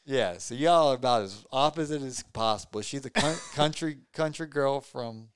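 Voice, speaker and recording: A man's voice: mid-range voice, moderate pace, smooth, no room sound. A man in casual chat, telling a rambling story and teasing his friend.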